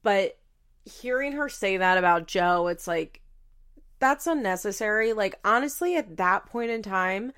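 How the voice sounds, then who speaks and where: Chatty woman with a gravelly edge. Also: medium pitch, a bit bright. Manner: chatty, lots of fillers, swearing, laughs often. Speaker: podcast host. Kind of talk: casual chat.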